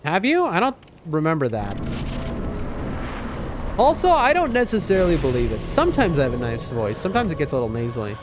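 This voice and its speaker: A man's voice: fairly high pitch, huge pitch swings, fairly quick, background noise. A man streaming a game live, chatting casually, reacting to the action and answering his chat. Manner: chatty, reacts to gameplay and reads chat aloud. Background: loud game music.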